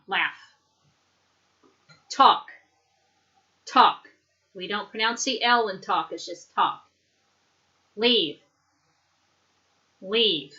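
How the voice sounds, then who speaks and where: A woman teaching an English lesson, modeling words slowly and clearly for students to repeat. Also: mid-range voice, bright, forceful tone. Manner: slow, clear drilling with modeled pronunciation. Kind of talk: recorded online language lesson. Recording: dull lo-fi recording.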